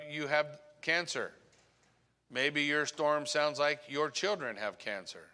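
A man preaching a sermon as pastor, earnest, often dropping to a hushed voice on key points. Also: fairly high pitch. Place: church sanctuary. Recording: long church reverb.

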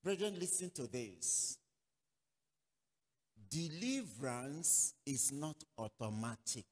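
A man from Nigeria preaches, acting out both sides of a story with bursts of shouting. His husky voice leaps up and down in pitch. The sound carries a long, ringing hall reverb. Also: slow pace. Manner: animated storytelling, acting out dialogue, sudden loud outbursts. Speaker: pastor. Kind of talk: sermon.

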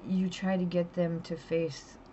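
A woman's voice: on the low side, level tone, unhurried, dark tone, muffled recording, slight background noise. A middle-aged woman telling a rambling, blunt story about her pets in a casual home vlog. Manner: chatty, blunt, rambling with restarts. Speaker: pet vlogger.

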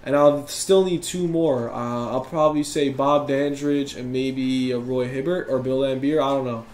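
A young man giving live commentary over a basketball video game, competitive and quick to yell and complain about his opponent. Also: mid-range voice, fairly even intonation, echoey room, a little hiss or hum. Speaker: gaming YouTuber.

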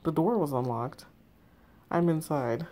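A woman reading the texts of a young woman hiding from a stalker, hushed and tense. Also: deep voice, measured pace. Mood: nervous. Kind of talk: text story read aloud.

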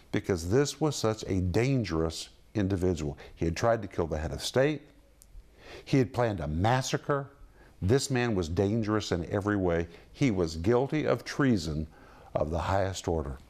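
A man's voice: lowish voice, a little mellow. A man teaching the Bible on television, with an emphatic, dramatic delivery that rises and drops sharply as he explains word meanings step by step.

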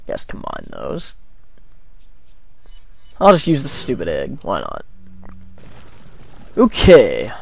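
Gravelly, jokey let's-play guy. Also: mid-range voice, darkish tone. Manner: rambling, jokey, self-deprecating. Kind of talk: casual gameplay commentary.

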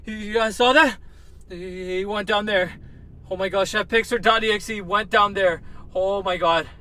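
A man's voice: sits high, fairly even intonation, normal speed, pushed and bright. A man filming a staged spooky vlog from inside his car at night, talking in jumpy, frightened bursts with sudden exclamations. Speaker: YouTuber.

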